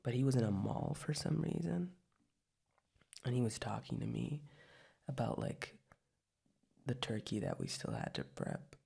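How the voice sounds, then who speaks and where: A woman's voice: very deep voice, lively intonation, a little slow, gravelly, long pauses, warm tone, husky, exaggerated voice. A woman in whispered role-play as a young adult girlfriend, talking in a hesitant, rambling way with lots of restarts. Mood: sleepy, tender.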